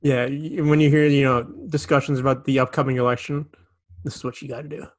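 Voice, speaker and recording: A man's voice: mid-range voice, little pitch movement, fast talker. A young man co-hosting a comedy podcast, riffing in a dry, easygoing way. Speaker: podcast co-host. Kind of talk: casual comedic banter.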